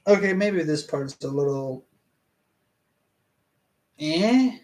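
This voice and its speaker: High-voiced, slow-talking exasperated man. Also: lively intonation, a little mellow. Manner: exasperated, halting, self-interrupting; laughs often. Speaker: reader reviewing a fan story. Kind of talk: casual commentary while reading aloud.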